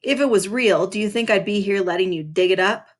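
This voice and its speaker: A woman voicing a cranky old man who hates children, talking in a mean, gruff way with a Philadelphia accent. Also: sits high, a little fast, natural voice. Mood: grumpy.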